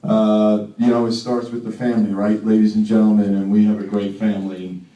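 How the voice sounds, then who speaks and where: A man's voice: lowish voice, little pitch movement, fairly quick, highs cut off. A middle-aged man in his fifties giving a rambling, emotional thank-you speech as an honored mayor, stammering and joking. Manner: warm, rambling, stammering restarts, joking asides. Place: banquet hall. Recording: echoey hall from far off, faint noise.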